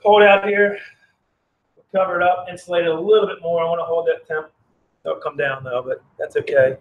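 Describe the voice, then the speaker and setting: Man, casual live-stream brewer, rambling and friendly with chat, slightly high voice, outdoors on phone camera. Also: steady tone, fairly quick, phone-quality sound. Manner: chatty, reads chat aloud, rambling. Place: outdoors in the cold.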